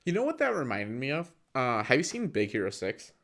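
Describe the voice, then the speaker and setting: A man's voice: medium pitch, huge pitch swings, a little fast, a bit bright. A man co-hosting a podcast, casually recapping a film in a rambling way with frequent fillers. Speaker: podcast co-host. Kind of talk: casual movie-review chat.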